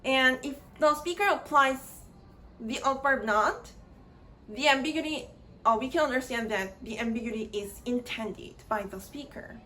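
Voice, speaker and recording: A woman explaining grammar in a slow, halting lecture, often repeating words as she searches for phrasing. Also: high-pitched, pushed and bright, a little hiss or hum, rough recording.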